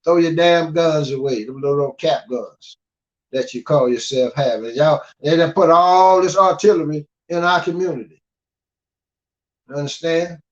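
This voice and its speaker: Speaking at a normal pace, an older high-voiced guest speaker from the United States preaches bluntly, gruff and scolding, and keeps asking "you understand?" to make sure he's followed. The audio is dull and lo-fi.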